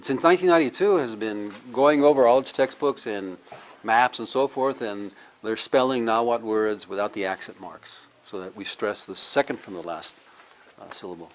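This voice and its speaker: At a normal speed and with a fairly low pitch, a man who teaches at a university leads a live language lecture at a cultural center. He breaks points down step by step while the audience repeats words after him.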